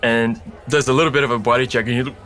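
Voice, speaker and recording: A man's voice: mid-range voice, fairly even intonation, quick pace, fairly bright tone, soft background music. A man narrating as game master of a tabletop game, in loose, chatty talk with many fillers.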